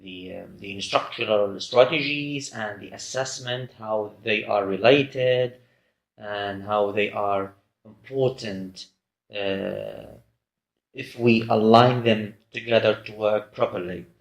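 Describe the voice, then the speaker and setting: A man's voice: fairly low pitch, takes it slowly. A man giving a recorded lecture, hesitant and full of fillers and restarts. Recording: roomy echo.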